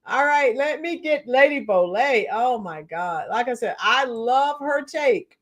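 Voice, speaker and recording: High-voiced chatty woman streamer. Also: animated, measured pace. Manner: chatty, greets chat viewers by name. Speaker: livestream host. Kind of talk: casual reaction livestream.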